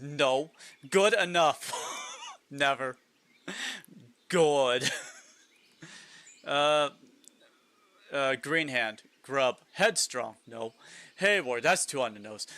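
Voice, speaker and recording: A man's voice: medium pitch, expressive, drawn-out words, long pauses, bright, forceful tone. A man live-streaming a game in casual chat, reading lists aloud, musing, and chuckling often.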